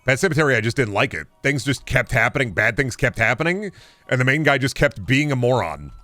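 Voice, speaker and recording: A man's voice: mid-range voice, lively intonation, a little fast, bright, forceful tone, no echo, faint music behind. A man streaming, chatting casually in a rambling, profane, sarcastic way.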